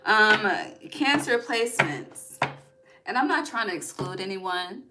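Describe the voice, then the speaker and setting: A woman's voice: medium pitch, animated, measured pace, noisy background. A young woman giving a casual spiritual card reading, often emotional and close to tears, swearing freely and checking in with "okay". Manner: emotional, swearing, fills with okay and all right. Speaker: tarot reader.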